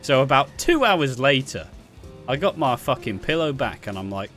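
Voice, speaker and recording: A man's voice: mid-range voice, normal speed, soft background music. Profane young Englishman telling stories. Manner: profane, animated, laughing asides. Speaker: vlogger. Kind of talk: casual storytime monologue.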